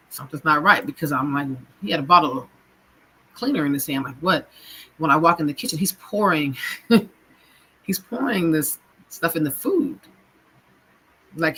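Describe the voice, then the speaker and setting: A woman recounts her own experience of abuse in a halting personal testimony. Her speech is full of fillers and restarts. Her voice sounds tense and forceful. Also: low voice, a little hiss or hum, rough recording. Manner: halting, full of "you know" and "kinda" fillers. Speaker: abuse survivor sharing her story.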